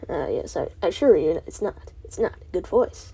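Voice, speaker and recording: A woman's voice: lowish voice, animated, moderate pace, vocal fry, hardly any pauses, dark tone, a little hiss or hum. A teenage girl rambling through a monologue with lots of filler words and swearing, putting herself down as she talks. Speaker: student vlogger.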